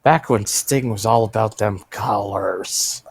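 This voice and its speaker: A man's voice: lowish voice, slow, slightly rough, dry recording. A man co-hosting a casual podcast chat while watching wrestling, rambling and explaining with frequent restarts. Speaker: podcast co-host.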